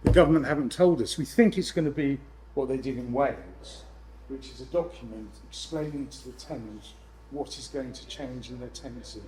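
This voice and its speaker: A man presenting to a room of landlords, lively and jokey with exasperated asides. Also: medium pitch, a little hiss or hum, poor audio. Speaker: letting agent speaking at a landlord event. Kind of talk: live seminar presentation.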